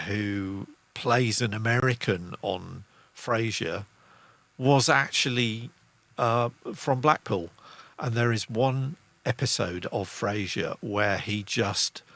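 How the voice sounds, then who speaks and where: Middle-aged male streamer with a Lancashire lilt, slow and meandering delivery. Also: lowish voice, gravelly, sharp tone, no echo. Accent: English, Lancashire with Midlands traces. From England. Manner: rambling, self-interrupting, reads chat comments aloud. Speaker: livestream host, musician. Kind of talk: casual livestream chat.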